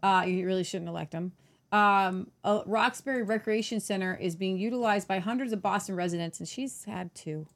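A woman's voice: medium pitch, moderate pace. Woman, co-host, casual political commentary, opinionated, sarcastic. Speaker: news show co-host.

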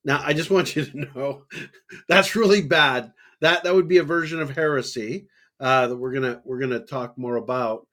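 A man co-hosting a religious discussion podcast, talking in a halting way with many fillers and restarts. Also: mid-range voice, bright, forceful tone. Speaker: podcast co-host.

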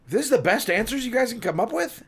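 A man's voice: very high voice, sing-song, very slow, a little mellow, husky, pitched above the performer's own voice, heavily acted. A man playing an angry police interviewer in a joke, with a guttural voice from the side of his mouth. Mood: exasperated.

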